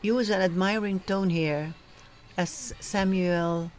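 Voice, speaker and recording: A woman coaching church readers, giving slow, careful instructions and sounding out pronunciations. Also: lowish voice, steady tone, darkish tone, rough recording. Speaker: reading coach. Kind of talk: instructional talk on proclaiming scripture.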